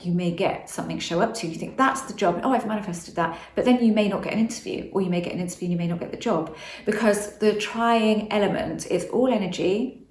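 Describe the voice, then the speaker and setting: A woman's voice: mid-range voice, fast talker, a little mellow, a little hiss or hum. A woman vlogger in a room with a ring light, talking to camera in a chatty way and explaining her ideas with repeated phrases. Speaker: law of attraction vlogger. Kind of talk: casual talk to camera. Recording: echoey room.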